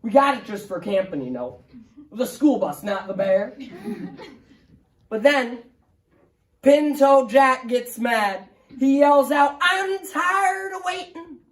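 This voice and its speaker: A man's voice: very high-pitched, animated, takes it slowly, pauses often, heavily acted. A man voicing a cranky, forgetful hundred-year-old man who rambles through his old stories in a quavering old-timer twang. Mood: rambling. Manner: crotchety, easily offended, repeats his stories. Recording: roomy, distant mic.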